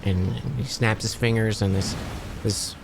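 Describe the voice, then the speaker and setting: A man's voice: fairly low pitch, steady tone, measured pace, creaky, noisy background. A male streamer casually telling a long joke on a live stream, rambling and interrupting himself with restarts. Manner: rambling, self-interrupting storyteller.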